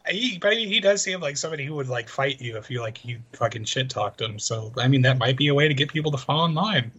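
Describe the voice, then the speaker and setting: Husky laid-back podcast co-host. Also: male voice, mid-range voice, animated, fast talker, a bit bright, lo-fi sound. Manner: laid-back, joking, swears casually. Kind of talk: profane wrestling podcast chat.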